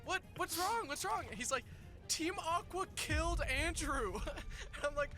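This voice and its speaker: A man voicing an excitable young cartoon guy who tells his wild dreams with lots of giggling. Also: sits high, a little fast, faint music behind, full character voice. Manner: giggly, breathless storytelling. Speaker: animated character.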